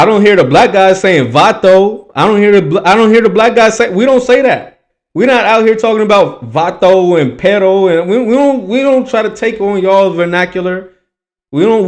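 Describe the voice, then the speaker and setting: A man hosting a reaction commentary, talking in an emphatic, preachy, repetitive way. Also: high voice. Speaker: commentary host.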